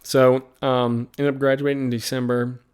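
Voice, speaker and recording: A man's voice: mid-range voice, level tone, moderate pace, a little mellow, clean tone. A man with a Southern American accent from Virginia, telling stories as a podcast guest in a rambling, casual way with lots of fillers. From Virginia, USA. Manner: rambling, full of fillers and quoted asides. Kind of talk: casual conversational storytelling.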